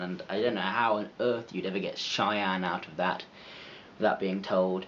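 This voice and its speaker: A man's voice: low voice, fairly even intonation, normal speed, a bit bright, muffled recording, slight background noise. A man narrating an educational video with playful, chatty, self-mocking asides. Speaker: video creator.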